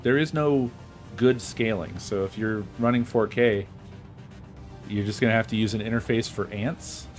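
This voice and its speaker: Man, streamer, frustrated, swearing, unwell, lowish voice, faint music underneath. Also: normal speed. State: feeling unwell. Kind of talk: casual gaming stream chat.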